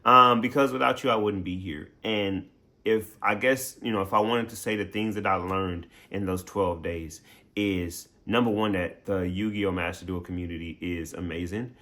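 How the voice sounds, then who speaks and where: A man's voice: low voice, steady tone, moderate pace, bright, forceful tone. A man streamer talking casually to his viewers in a playful, chatty way, laughing often. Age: adult. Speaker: game streamer. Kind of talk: casual recap talk to viewers.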